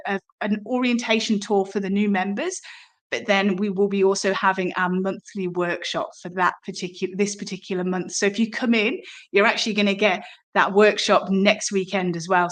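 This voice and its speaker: A middle-aged woman who teaches somatic movement talks straight to her listeners. She is encouraging and chatty, and she asks them questions as she goes. Her voice sits at an ordinary middle pitch for a woman. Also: fairly even intonation, moderate pace. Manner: warm, encouraging direct address with rhetorical questions. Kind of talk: podcast-style promotional talk.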